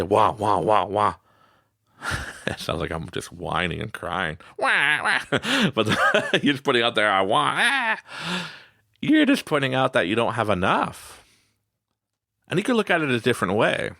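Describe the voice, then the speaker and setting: A gravelly, fairly low-voiced man hosts a podcast, giving a casual motivational talk. His pitch swings widely as he laughs and acts out quotes in playful voices. The sound is dry and close, recorded in a small studio. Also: fairly bright tone, dry recording. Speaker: podcast host.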